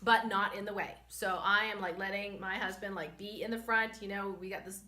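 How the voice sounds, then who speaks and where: Woman vlog host, bright and forceful tone, chatty storyteller with lots of "like" and "you know", handheld camera. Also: medium pitch, a little fast. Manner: animated, chatty, many fillers, laughs often. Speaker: host and spiritual medicine practitioner. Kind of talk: casual storytelling. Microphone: camera she holds herself.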